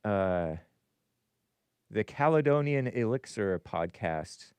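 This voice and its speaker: Smooth-voiced man hosting a rambling call-in show. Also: on the low side, lively intonation, slow pace, darkish tone, no room sound. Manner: rambling, jokey, laughs at his own asides. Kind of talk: casual live-stream chat, reading viewer messages.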